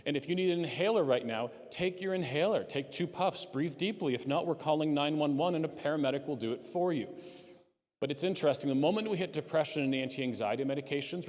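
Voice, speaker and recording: A man giving an earnest, conversational talk as a conference speaker to a live audience, with lively emphasis. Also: fairly high pitch. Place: conference hall. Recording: long reverb of a hall.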